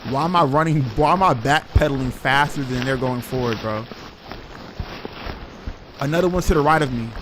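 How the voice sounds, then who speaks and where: A man's voice: medium pitch, normal speed, long pauses, background noise. A young man streaming a horror game, reacting casually with slang and talking to his chat. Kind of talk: live gameplay commentary.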